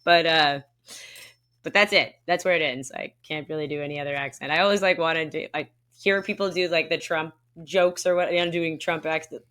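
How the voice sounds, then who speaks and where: A woman's voice: low voice, moderate pace, fairly bright tone. A woman co-hosting a podcast in casual chat, talking loosely with lots of fillers and laughing often. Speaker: podcast co-host.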